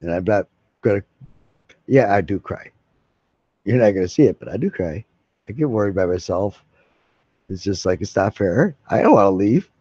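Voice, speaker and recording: A man's voice: lowish voice, dark tone, slightly rough, no echo. A man live streaming, chatting casually to his viewers in a rambling, folksy way and swearing freely. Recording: dull lo-fi mic.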